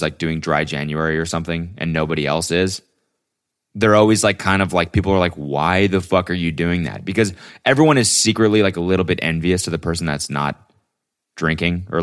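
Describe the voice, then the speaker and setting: A man's voice: sits low, brisk, clean tone. A man hosting a solo podcast, talking casually in a rambling, profane way full of fillers. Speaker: podcast host.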